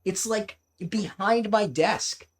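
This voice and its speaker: A young woman streamer giving casual gameplay commentary at her home desk, swearing a lot and turning panicky and excitable. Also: mid-range voice, slow pace. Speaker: gaming streamer.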